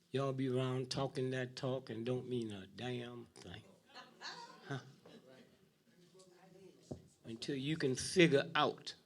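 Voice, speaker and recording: An older man giving a speech to a live audience in a preaching style, dropping to a low mutter and rising to loud outbursts, with a steady "huh?" and "hmm?" after his lines. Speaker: speaker addressing an audience.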